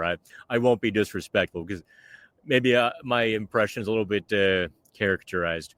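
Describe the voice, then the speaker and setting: A man's voice: on the low side, normal speed, a bit bright, no room sound. A man hosting a casual podcast outdoors by the water, talking chattily to the camera. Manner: chatty, conversational. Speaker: podcast host.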